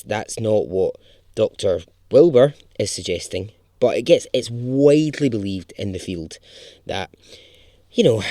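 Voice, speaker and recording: A man's voice: lowish voice, mellow, no room sound, clean studio sound. A man hosting a podcast, telling a true story in a chatty, casual way and swearing now and then for emphasis.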